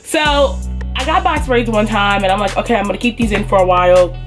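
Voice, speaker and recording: A young woman tells a story to her viewers in a chatty, animated way and often calls them y'all. She is getting over a cold, and her voice sits at a middling pitch. Faint music plays under her talking. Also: brisk. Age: young adult. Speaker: beauty vlogger. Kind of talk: casual story time.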